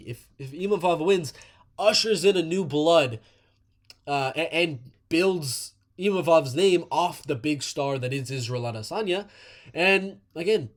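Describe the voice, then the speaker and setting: A man talks through upcoming fights in casual solo commentary, his voice sitting a little high. He is animated, and he often stumbles into repeated words and restarts his sentences. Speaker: MMA commentator.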